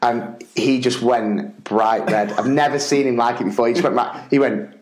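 A man's voice: medium pitch, fairly even intonation, moderate pace, a little mellow, roomy sound, low-quality recording. A man co-hosting a podcast, telling a school anecdote casually and laughing often as he goes. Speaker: podcast co-host and teacher. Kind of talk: casual storytelling.

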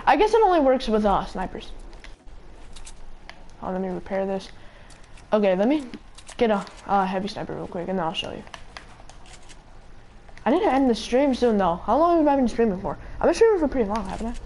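A young woman streaming a game, chatting casually and rambling with lots of "like," mocking herself, her voice going a little hoarse. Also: medium pitch, very animated, brisk, long pauses, darkish tone, a little hiss or hum. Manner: rambling, self-mocking, peppered with "like". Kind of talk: casual live-stream chatter while gaming.

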